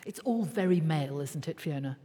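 A woman presents a panel discussion and puts questions to her guests. Her voice sits a little low. A long hall reverb follows her. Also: lively intonation, brisk, mellow.

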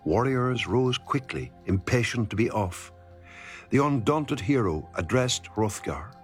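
Man, epic verse narration, measured, medium pitch, soft music underneath. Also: animated.

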